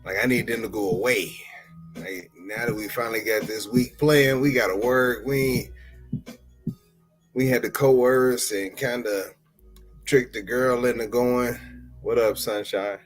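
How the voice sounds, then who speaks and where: Playful slangy man hosting a podcast. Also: on the low side. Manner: loose, playful, slangy storytelling. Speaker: podcast host. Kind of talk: casual solo podcast monologue.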